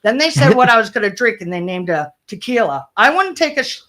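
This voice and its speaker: Middle-aged woman telling lively stories. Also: on the high side, quick pace. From Irish Catholic family of ten kids. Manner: lively anecdotes with acted-out quotes and laughter. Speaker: justice of the peace, guest. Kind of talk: casual radio chat, storytelling.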